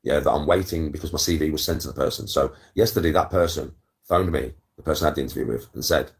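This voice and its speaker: With an extremely low pitch and a fast delivery, a content creator in his forties recounts a story to his viewers on camera. He's boastful and chatty, swears frequently, and keeps checking in with his audience.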